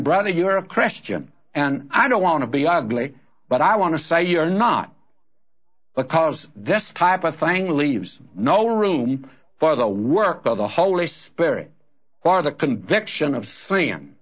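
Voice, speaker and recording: A man's voice: a little high, slightly rough. Earnest male preacher, lo-fi recording. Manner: earnest, direct, addresses listeners as friend and brother. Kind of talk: sermon. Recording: dull lo-fi recording.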